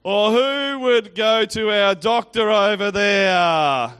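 A man's voice: high voice, slow, a bit bright, smooth. A man giving a playful children's talk in church, teasing and quizzing the kids and congregation.

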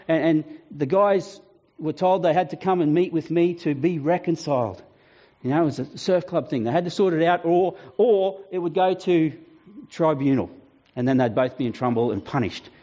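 A man preaches a sermon in a fairly high voice. He tells his stories with animation and often restarts his sentences. The recording sounds dull and lo-fi. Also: moderate pace. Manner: animated storytelling, with frequent restarts. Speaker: pastor.

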